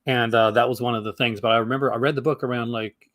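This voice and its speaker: A man's voice: mid-range voice, fairly even intonation, fast talker, a bit bright, dry recording. A man from Canada with a Canadian accent, chatting as a guest on a live stream, enthusiastic and rambling with lots of fillers and restarts. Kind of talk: casual chat.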